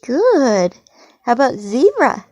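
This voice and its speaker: Slow, lively-voiced woman coaching a toddler. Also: high voice, no room sound, clean studio sound. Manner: patient, encouraging, exaggerated praise. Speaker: parent teaching a toddler. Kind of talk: teaching a toddler animal names.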